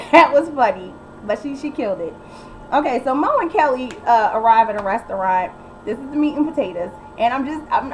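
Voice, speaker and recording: A woman's voice: high voice, slight background noise, low-quality recording. A young woman casually recapping a reality TV episode, sassy and blunt, mimicking the people she talks about.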